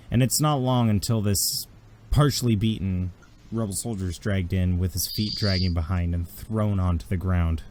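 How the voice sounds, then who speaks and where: A man running a tabletop game as game master, his voice on the low side. He narrates vividly and graphically, now and then correcting himself mid-sentence. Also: moderate pace, a little mellow, slight background noise. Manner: vivid, graphic storytelling with restarts.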